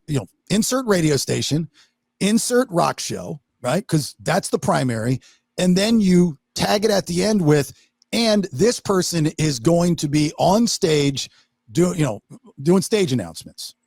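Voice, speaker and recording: A man hosting a podcast, telling stories in a lively way and acting out what people said, with some swearing. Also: high-pitched, moderate pace, creaky, dry recording, clean studio sound. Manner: animated storytelling, swearing, acts out quotes. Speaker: podcast host. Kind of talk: casual podcast chat.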